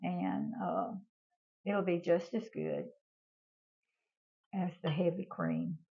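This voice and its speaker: With a fairly low, very animated voice and a slow pace, this older woman leads a relaxed cooking demo at home, addressing viewers as "y'all" in a chatty, homey style. The recording has its highs cut off.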